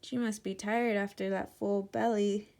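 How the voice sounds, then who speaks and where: A woman teacher giving an interactive children's read-aloud, speaking directly and warmly to the kids. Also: medium pitch, flat delivery, measured pace.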